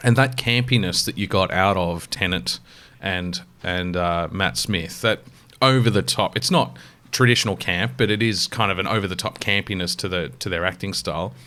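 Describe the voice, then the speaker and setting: An Australian man chatting on a podcast in a slightly low voice. He rambles enthusiastically, restarts often, and swears casually. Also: moderate pace, few pauses, sharp tone. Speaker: podcast co-host. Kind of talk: casual chat.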